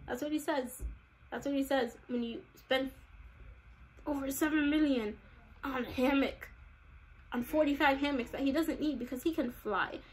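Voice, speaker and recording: A woman's voice: high-pitched, moderate pace, pauses often. Giggly, chatty young woman gamer. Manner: chatty, giggly, exaggerated reactions. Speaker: gaming vlogger. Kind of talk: casual gameplay commentary.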